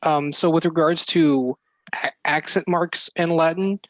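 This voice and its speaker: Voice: mid-range voice, fairly even intonation, measured pace, no echo. A student in an online class asking a careful, polite question.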